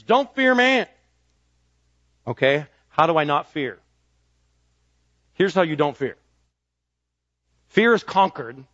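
High-voiced preacher man, emphatic. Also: no room sound, highs cut off. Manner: emphatic preaching, swinging between ringing declarations and soft low asides. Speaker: pastor. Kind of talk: sermon.

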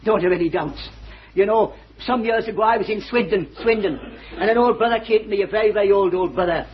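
A man's voice: sits high, fairly quick. An older man preaching a sermon, fervent and joyful, often breaking into exclamations and laughter. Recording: dull old lo-fi sermon recording.

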